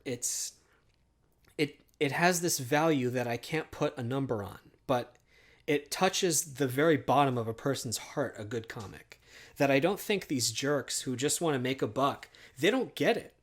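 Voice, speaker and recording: A man's voice: mid-range voice, expressive, measured pace. A man from Arkansas, a podcast guest talking earnestly and from the heart, with small stammering restarts. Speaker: podcast guest, comics creator. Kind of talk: casual podcast conversation.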